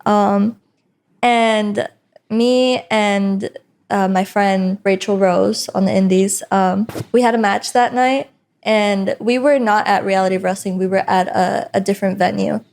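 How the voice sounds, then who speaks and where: A young woman, a professional wrestler, telling stories in a casual interview with an animated, laughing manner. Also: mid-range voice, unhurried, creaky. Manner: animated, laughing often, acts out voices in stories. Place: indoor interview set.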